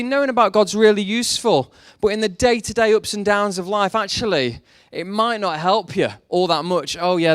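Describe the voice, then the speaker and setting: Young guy preaching, jokey and self-mocking, smooth clear voice, dry close sound. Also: high-pitched, no echo. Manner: jokey, self-deprecating storytelling. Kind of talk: sermon with personal stories.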